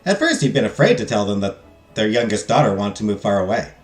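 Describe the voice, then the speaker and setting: A man's voice: lowish voice, sing-song, quick pace. A man streaming a text game, reading its narration aloud and cracking jokes with his chat. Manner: jokey, self-deprecating asides between narration. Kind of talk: let's play, reading game text and chatting with viewers. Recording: roomy echo, faint game music.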